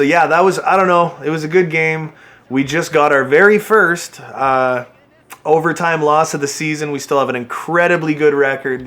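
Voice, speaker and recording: Man, fairly high voice, excitable hockey game play-by-play, yells at his players. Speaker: gaming channel host. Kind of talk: game commentary.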